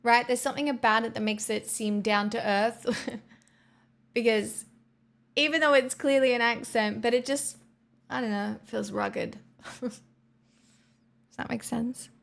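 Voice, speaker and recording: An Australian woman chats with her live stream audience in an easy, rambling way, peppering her talk with "like." She speaks slowly and unhurriedly. Her voice has a gravelly fry running through it. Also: on the high side, fairly bright tone. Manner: rambling, chatty, lots of "like" fillers. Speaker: live streamer chatting with viewers. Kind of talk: casual chat.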